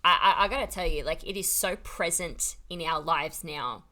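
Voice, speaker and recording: Young female podcast host, bright tone, eager and gushing. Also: sits low, moderate pace. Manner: enthusiastic, gushing. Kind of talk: casual interview chat.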